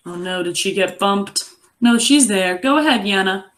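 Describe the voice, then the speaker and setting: A young adult woman teaching a reading lesson to a class, encouraging and expressive as she reads aloud. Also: medium pitch, moderate pace.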